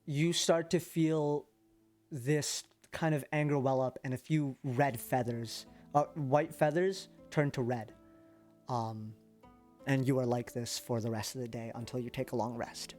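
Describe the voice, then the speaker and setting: A casual man running a tabletop game, narrating in a halting, loose way full of "like" and "um". Faint music plays underneath. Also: medium pitch, steady tone, darkish tone. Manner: casual, halting, many fillers. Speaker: game master.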